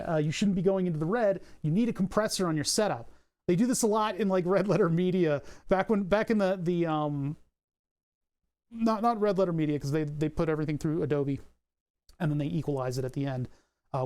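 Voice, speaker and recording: In a home room fitted with acoustic padding, a young man streams and tinkers, chatting casually. His voice is slightly high and a little mellow as he rambles, corrects himself, and laughs at his asides, all through a condenser mic and compressor.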